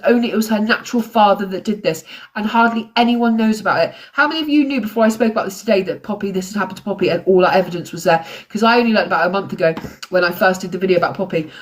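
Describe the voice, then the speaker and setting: Angry woman ranting on a livestream. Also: a little high. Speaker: true crime host. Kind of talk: live-stream commentary.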